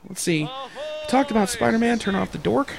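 A man's voice: high-pitched, animated, moderate pace, vocal fry, crowd noise. A man hosting a comedy show, ranting in a crude, rambling way and swearing constantly. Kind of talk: profane comedic rant.

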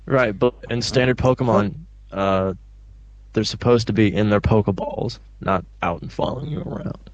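Low-voiced matter-of-fact man. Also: normal speed, dull audio. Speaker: podcast co-host. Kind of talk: casual podcast chat over a call.

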